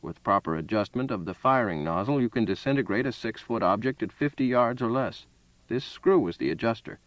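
A man reading aloud, voicing an old male gun shopkeeper who speaks in a precise, calm and measured way. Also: mid-range voice, no room sound, dull audio, pitched above the performer's own voice.

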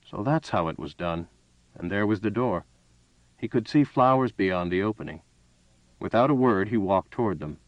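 A man with a fairly low voice narrates a story in a steady, even way. The sound is dull and lo-fi. It is dry, with no room echo. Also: moderate pace. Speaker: audiobook narrator. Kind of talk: scripted narration.

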